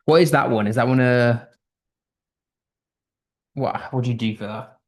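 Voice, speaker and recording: A man's voice: medium pitch, a little slow. A man with a British accent teaching an online English class, upbeat and thinking aloud as he reads out quiz answers. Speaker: English tutor.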